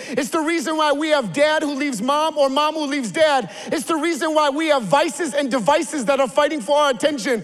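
A man in his forties preaching a sermon, telling stories in an animated way and building to emphatic calls. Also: very high voice, big-room sound. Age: 40s. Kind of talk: sermon with storytelling.

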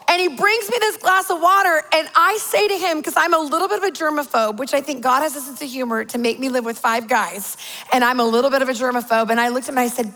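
Woman, 40s, high voice, sermon, playful exaggerated storytelling, long hall reverb. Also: normal speed, a bit bright. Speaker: pastor's wife preaching.

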